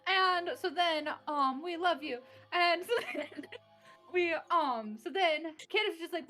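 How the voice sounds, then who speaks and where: A woman's voice: sits high, moderate pace, pushed and bright, soft background music. A young woman recapping a tabletop game session, bubbly and laughing as she acts out bits of dialogue. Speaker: player recapping a tabletop campaign. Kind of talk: casual recap chat.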